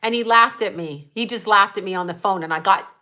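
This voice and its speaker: Bright-voiced woman telling a rambling personal story. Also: medium pitch, a little fast. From United States. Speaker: psychic medium livestream host. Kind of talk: livestream talk with viewers.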